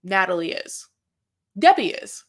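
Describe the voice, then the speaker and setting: A woman's voice: fairly low pitch, very animated, a little slow. A woman host chatting casually as she recaps reality TV. She rambles, talks in circles and swears.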